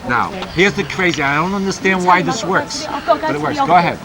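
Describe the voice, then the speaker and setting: A man teaching a child to swim at a camp pool, giving brisk, commanding directions with bursts of encouragement while explaining his method to watching staff. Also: sits high, crowd noise. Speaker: swim instructor. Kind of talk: poolside swim coaching and demonstration. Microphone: camcorder mic. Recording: noisy 1990s camcorder audio.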